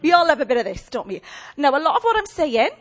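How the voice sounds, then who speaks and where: A woman preaching a lively, humorous sermon and chatting with her audience. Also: high voice, fast talker.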